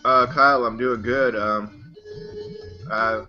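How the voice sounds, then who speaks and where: A man's voice: mid-range voice, steady tone, takes it slowly. A man co-hosting with dry, teasing banter on a dull call line. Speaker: co-host. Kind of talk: casual podcast chat. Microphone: video call. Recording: dull lo-fi call audio with faint music.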